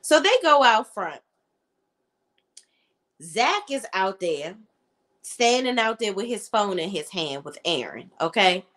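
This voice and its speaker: A woman who reviews TV shows walks through a drama's episode in a mid-range voice, taking it slowly with long pauses. Even so, her recap is animated and dramatic, full of lively asides where she performs the characters' lines.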